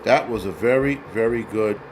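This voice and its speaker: A man's voice: fairly low pitch, normal speed, poor audio. Casual male film host, profane and meandering, with faint air conditioning noise. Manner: rambling, profane, searches aloud. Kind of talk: casual livestream commentary.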